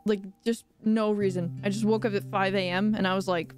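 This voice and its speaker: An excitable woman chatting through a cozy game on a live stream. She gushes and gasps at every cute detail, at a middle pitch, while faint game music plays beneath her voice. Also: brisk. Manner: gushing and excitable, gasping at cute things.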